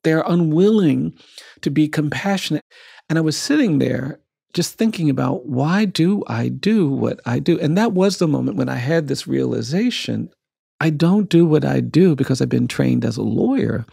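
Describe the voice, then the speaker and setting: A man, a lawyer, telling a personal story as a podcast guest, speaking in a measured, earnest way and building emphasis through repetition. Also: on the high side, lively intonation, vocal fry, warm tone, breathy edge, dry recording, clean studio sound.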